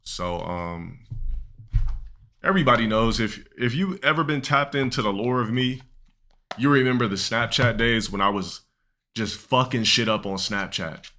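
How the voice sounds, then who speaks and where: A man's voice: mid-range voice, animated, measured pace, bright, forceful tone. A young man streaming live, telling a long, rambling, profane story to his chat with many restarts and fillers.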